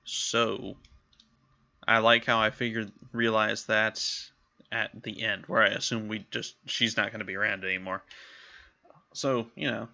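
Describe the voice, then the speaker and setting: A man's voice: on the low side, level tone, measured pace, creaky, bright, forceful tone, dull audio. A man casually commenting while playing a role-playing game, chatty and self-amused. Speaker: let's play host.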